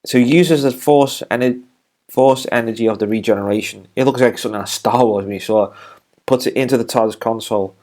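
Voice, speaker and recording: A man's voice: medium pitch, fast talker, a little mellow. A man casually reviewing a TV episode, retelling the plot in a rambling way with many restarts and fillers.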